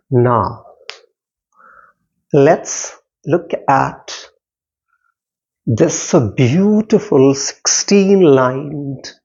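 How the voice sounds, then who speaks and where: A man teaching a poetry lesson, slowly repeating words and sounding out stressed and unstressed syllables. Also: medium pitch, gravelly, mellow. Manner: slow, repetitive, stressing syllables aloud. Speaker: English literature teacher. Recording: dull lo-fi sound.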